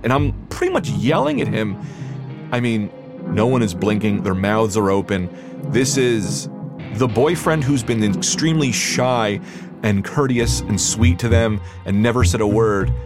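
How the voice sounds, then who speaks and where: A young man recounts a personal story in a relaxed, conversational way, with a voice that sits a little low. He speeds up and gets animated when he replays his own words. Music plays clearly behind him throughout. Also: unhurried. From New Jersey. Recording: music underneath.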